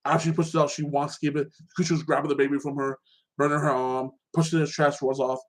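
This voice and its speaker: A man hosting his own show, chatting casually about TV shows and an upcoming fight, rambling and excitable, tagging "like that" onto his sentences. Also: on the high side, fast talker. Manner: animated, excitable. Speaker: show host.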